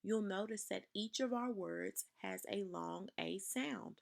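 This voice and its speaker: A woman teaching spelling in a slow, deliberate voice with a strong gravelly fry running through it. She pronounces each word with care and leaves room for her class to repeat after her. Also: medium pitch. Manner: slow, careful, over-enunciated dictation. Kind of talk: spelling lesson for children.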